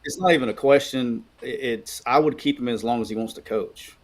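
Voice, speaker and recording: A middle-aged man from Alabama chats casually about sports as a co-host. He tells long, meandering stories, often restarting his sentences. His voice sits at an ordinary pitch for a man. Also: fairly quick. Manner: rambling, animated storytelling with restarts.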